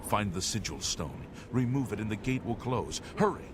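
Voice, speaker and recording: A man's voice: lowish voice, lively intonation, normal speed, background noise, natural voice. An actor playing a caged man pleading urgently. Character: desperate male captive pleading from a cage. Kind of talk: video game dialogue.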